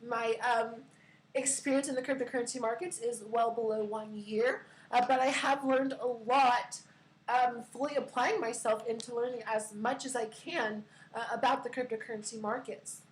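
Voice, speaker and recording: A woman's voice: fairly high pitch, fairly even intonation, normal speed, rough recording. A woman hosting a casual live stream, giggly and full of fillers. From California.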